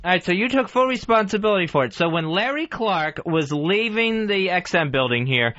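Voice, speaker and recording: A man's voice: high-pitched, expressive, fairly quick, sharp tone, highs cut off. A man co-hosting a radio talk show, complaining in an exasperated, emphatic way during casual banter.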